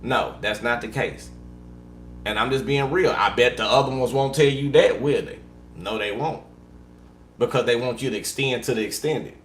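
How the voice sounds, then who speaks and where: A man giving a blunt, preachy tarot reading, swinging between fired-up lecturing and low muttering. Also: normal speed, fairly bright tone, echoey room, slight background noise. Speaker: tarot reader. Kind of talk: live tarot reading monologue.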